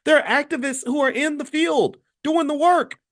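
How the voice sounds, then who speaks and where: A man giving an emphatic, animated monologue in casual commentary, often repeating himself and swinging from low, quiet lines to high, loud ones. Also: normal speed. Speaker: commentator on Black economics.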